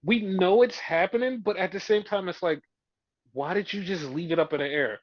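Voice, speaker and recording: A man's voice: high-pitched, normal speed, dry recording, lo-fi sound. A man co-hosting a podcast, ranting with exasperation about a wrestling show and swearing freely. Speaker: podcast co-host. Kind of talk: casual wrestling review chat.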